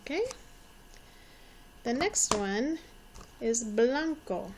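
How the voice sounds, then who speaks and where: Slow, patient woman teacher in her forties. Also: a little high, expressive, a little hiss or hum. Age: 40s. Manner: encouraging, repeats words for children to echo. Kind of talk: slow, patient classroom instruction.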